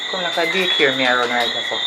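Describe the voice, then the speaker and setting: A man with a Jamaican accent playing a strict, loud mother who scolds hard in patois. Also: medium pitch, lively intonation, fast talker, natural voice. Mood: stern. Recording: noisy outdoor night recording, loud crickets.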